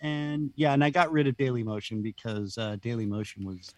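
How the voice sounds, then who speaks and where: A man's voice: medium pitch, flat delivery, brisk, no echo. A man talking as a podcast guest in a casual, rambling chat, laughing often and saying "dude".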